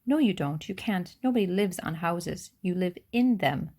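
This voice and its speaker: A woman's voice: fairly low pitch, expressive, normal speed, mellow. A woman voicing a stubborn young girl who fires off raised, pressing questions. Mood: indignant.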